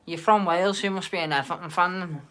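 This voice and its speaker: A man's voice: sits high, fairly quick, pushed and bright, clean tone. A man with a Liverpool accent hosting a live stream, chatting and bantering casually with viewers in the chat. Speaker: livestream host.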